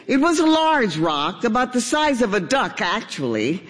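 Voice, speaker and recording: An older woman reading a children's story aloud in an expressive storybook style. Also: on the high side, moderate pace, big-room sound.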